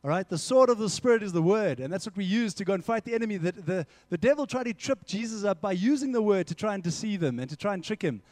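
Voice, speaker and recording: A young man preaching a casual, energetic sermon to a youth group, slipping into quick acted-out dialogues as he teaches. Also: high-pitched, no echo. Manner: energetic, conversational, acts out little dialogues. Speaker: youth pastor.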